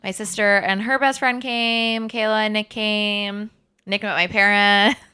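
A woman's voice: medium pitch, steady tone, a little slow, bright, forceful tone, smooth. A woman in her twenties, co-hosting a podcast and telling a story in casual chat, full of "like" and the odd swear. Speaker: podcast co-host.

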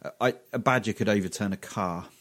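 A man with a lowish, slightly bright voice talks fairly quickly as a podcast co-host. He rambles through silly stories in casual chat, swearing a lot and giggling often.

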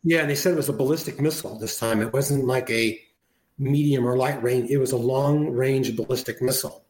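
A man talks loosely on a talk show at an ordinary middle pitch, trailing off and restarting as he goes. His voice rings in an echoey room. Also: a little fast, a little mellow. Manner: rambling and conversational, restarts often. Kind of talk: casual talk show conversation.

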